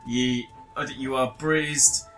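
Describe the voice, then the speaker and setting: A man narrating a tabletop horror game as game master, halting with many pauses and restarts. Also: medium pitch, steady tone, a bit bright, soft background music, poor audio.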